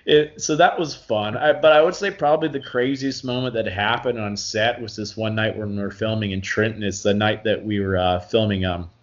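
A man from Alabama, an actor guest telling lively anecdotes in a casual interview, often laughing and acting out quotes. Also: fairly low pitch, fairly quick, few pauses, muffled recording. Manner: animated anecdotes with frequent laughter and acted-out quotes.

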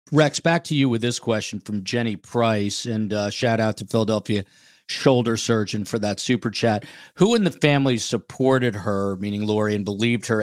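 A man's voice: on the low side, dry recording. A man with a New Jersey accent hosting a podcast, reading viewer questions aloud with lots of fillers. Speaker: podcast host.

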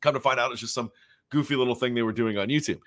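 A man's voice: mid-range voice, racing, fairly bright tone. A man hosting a solo podcast, talking casually and rambling with plenty of fillers as he shares his reactions as a father. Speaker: podcast host.

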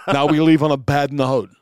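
A man's voice: a little high, little pitch movement, unhurried, a little mellow, smooth, no echo, studio quality. A man co-hosting a podcast, telling brash, profane stories in casual chat. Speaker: podcast co-host.

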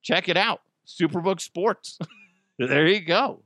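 Man, podcast host, joking rambling monologue, bright tense voice, very dry sound. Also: high-pitched, expressive, slow, no room sound. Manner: joking, rambling, with lots of restarts. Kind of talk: casual solo podcast monologue.

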